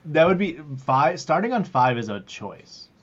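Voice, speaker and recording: A man's voice: on the high side, sing-song, unhurried. Man on a dull lo-fi mic. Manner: rambling, jokey, plugs the show. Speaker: podcast host. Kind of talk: casual podcast chat. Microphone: wrong mic picked by the recording software.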